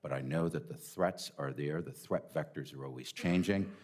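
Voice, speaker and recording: Very deep-voiced man giving formal testimony. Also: darkish tone. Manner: measured, earnest, with hesitant fillers. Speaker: nominee testifying. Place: hearing room.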